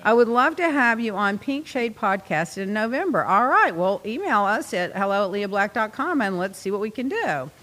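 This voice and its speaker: A woman's voice: medium pitch, sing-song, moderate pace, hardly any pauses, fairly bright tone, in a large hall. A woman hosting a podcast in a studio, chatting casually and laughing often as she tells stories. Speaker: podcast host. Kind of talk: casual chat.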